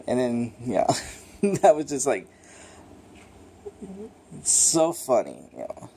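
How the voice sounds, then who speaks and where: A man talks through a movie review in a loose, off-the-cuff way. His voice sits at an ordinary middle pitch. He rambles and gets excited, swears freely and leans on constant fillers. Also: takes it slowly, long pauses, breathy edge. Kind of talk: casual unscripted film review.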